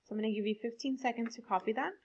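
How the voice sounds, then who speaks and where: A woman teaching a fourth grade class, explaining slowly and stressing words for young pupils. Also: on the high side, darkish tone, breathy edge, lo-fi sound. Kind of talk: online classroom lesson.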